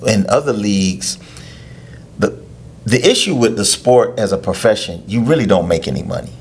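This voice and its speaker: A man, a youth lacrosse coach, explaining things in a casual interview with drawn-out hesitations. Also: fairly low pitch, lively intonation, slight background noise. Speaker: head coach of a youth lacrosse team, podcast guest.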